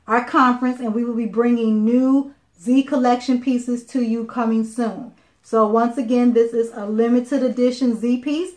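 A woman from Chicago selling jewelry on a live video, chatting casually with many fillers and restarts. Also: fairly high pitch. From Chicago, Illinois. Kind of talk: live sales stream.

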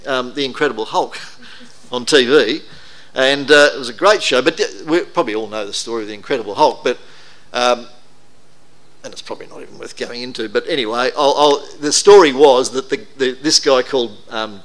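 A man's voice: mid-range voice, fairly quick, a bit bright. A middle-aged man, preaching a conversational, anecdotal sermon to a congregation. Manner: conversational, anecdotal, self-deprecating. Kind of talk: sermon talk.

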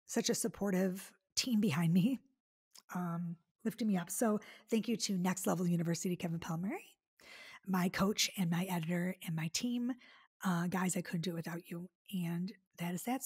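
A woman's voice: lowish voice, darkish tone, breathy edge. A woman in her forties from the Detroit area hosting her own podcast, chatty and effusive, with lots of fillers. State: tearful. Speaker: podcast host. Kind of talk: casual solo podcast monologue.

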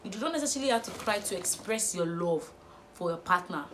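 A young woman vlogging, firing off exasperated rhetorical questions in an animated opinion rant. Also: mid-range voice, quick pace, a little hiss or hum.

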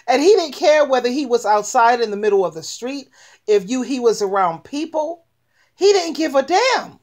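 A woman host tells stories with animated emphasis, turning to speak straight to her viewers. Her voice sits a little high for a woman. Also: normal speed. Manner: animated storytelling, addressing viewers directly. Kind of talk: casual chat.

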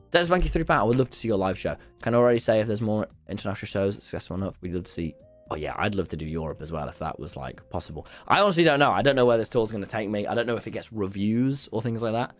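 A man, casually chatting with viewers on a live stream from his office, animated and swearing as he tells stories. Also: lowish voice. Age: late teens. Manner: animated, swearing, lively storytelling.

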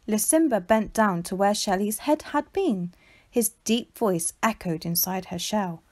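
A woman teacher reading a children's picture book aloud in an expressive, animated storytelling manner. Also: mid-range voice, a little slow.

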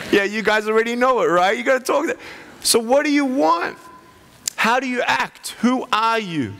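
A man, giving an animated, playful motivational sermon to a college chapel crowd. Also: high-pitched, creaky. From Australia. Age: 30s. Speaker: guest chapel speaker. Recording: echoey hall.

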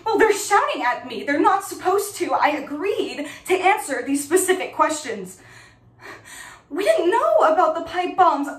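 Woman as a high-voiced, halting, defensive mother under questioning; audition monologue, echoey room. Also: very animated, heavily acted. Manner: tense, halting, repeats herself. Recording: echoey room, mic at a distance.

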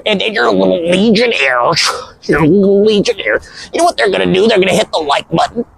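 Smug troll guy voiced by a man, low, gravelly and husky, taunting delivery. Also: animated, brisk, fairly bright tone, heavily acted, poor audio. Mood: sneering. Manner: sneering, taunting.

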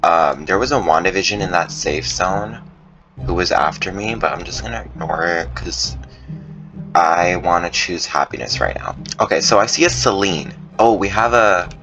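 A man giving excited gameplay commentary, his voice jumping high when tense. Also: normal speed, over music. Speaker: gaming YouTuber.

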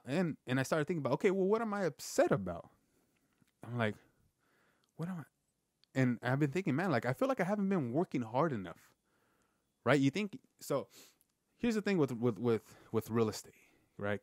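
A man's voice: medium pitch, no echo. Man, podcast host, earnest and rambling, casual reflective talk, dry close sound. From Southern California. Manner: rambling, earnest, many restarts and "right?".

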